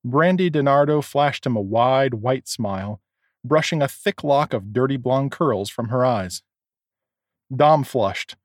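A man narrating a story as an audiobook, expressive storytelling. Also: medium pitch, dry recording, studio quality.

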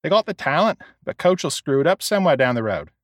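A man's voice: on the high side, big pitch swings, quick pace, dry recording. Man doing an affable Boston shopkeeper. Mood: casual. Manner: affable, easygoing. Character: friendly middle-aged male Boston shopkeeper.

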